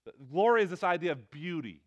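A man's voice: high voice, sing-song, fast talker, lo-fi sound. A middle-aged man preaching a sermon in a loose, conversational way, with lots of fillers and restarts. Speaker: pastor.

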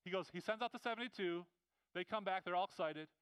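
High, clear-voiced man preaching a sermon. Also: fast talker, no room sound, poor audio. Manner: conversational and animated, frequent repetitions and restarts. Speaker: pastor.

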